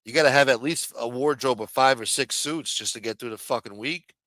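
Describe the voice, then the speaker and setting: A middle-aged American man hosts a livestream, ranting angrily with nonstop profanity into a streaming mic. His medium-pitched voice is brisk and a bit bright, with no room sound.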